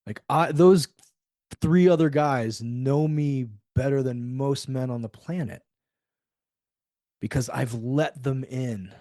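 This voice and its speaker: A man's voice: medium pitch, takes it slowly, mellow, no echo, studio quality. A middle-aged man talking candidly in an interview, acting out quoted dialogue with animation. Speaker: podcast guest. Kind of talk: conversational interview.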